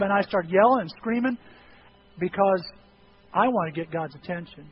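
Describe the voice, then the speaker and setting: Impassioned preaching man, high voice. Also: lively intonation, a little fast, slightly rough. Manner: swings from quiet talk to impassioned shouting; acts out prayers and dialogue. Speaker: pastor. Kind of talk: sermon. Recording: dull lo-fi with faint noise.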